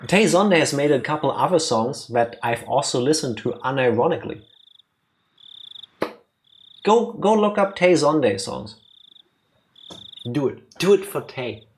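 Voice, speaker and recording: A let's play co-host chats casually alongside the game, joking and rambling with stammered restarts. The voice sits at a middle pitch and stays conversational throughout. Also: animated, unhurried, long pauses, slight background noise. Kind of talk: casual commentary chat.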